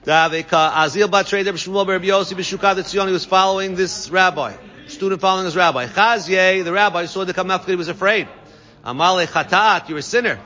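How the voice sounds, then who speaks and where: A man teaching a Talmud class, reading Aramaic phrases and translating each one with quick asides. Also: high-pitched, bright, forceful tone. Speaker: Torah teacher. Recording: dull sound with long reverb.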